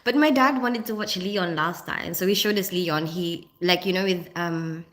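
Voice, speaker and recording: A woman's voice: lowish voice, normal speed, fairly bright tone. A woman from the Philippines, chatting casually on a livestream, reading out comments in a rambling way and laughing often. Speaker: nurse and livestream host reading viewer comments.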